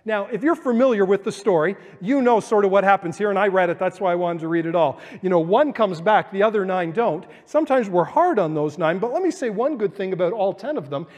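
High-voiced pastor preaching in a big hall. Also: male voice, lively intonation, fairly quick, hardly any pauses, a little mellow. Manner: reads scripture then explains it conversationally, acting out quotes. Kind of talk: sermon. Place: church sanctuary.

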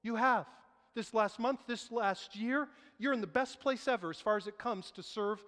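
A high-voiced man preaching to a church congregation, his voice ringing with long reverb in a big hall. He tells stories with animated delivery and acts out the lines of the people he quotes. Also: moderate pace. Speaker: pastor. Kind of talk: sermon.

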